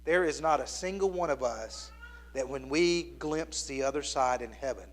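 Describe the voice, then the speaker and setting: A man in his fifties preaching a sermon, telling a story in an earnest, conversational way and dropping to a hushed near-whisper at tender points. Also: mid-range voice, moderate pace, slight background noise. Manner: plainspoken and conversational with the congregation. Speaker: pastor.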